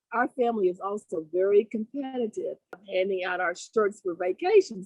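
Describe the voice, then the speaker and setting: A woman's voice: mid-range voice, a little mellow, dry recording, rough recording. A woman with a mid-range voice presents her podcast segment in a chatty way, giggling now and then. The sound is dry and close, with no room around it. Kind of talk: casual chat.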